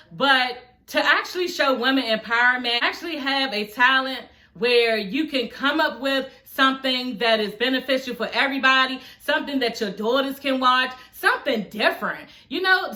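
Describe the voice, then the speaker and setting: High bright-voiced woman reviewing TV. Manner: blunt, profane, chatty; addresses viewers as y'all. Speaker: TV show reviewer. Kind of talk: casual review vlog.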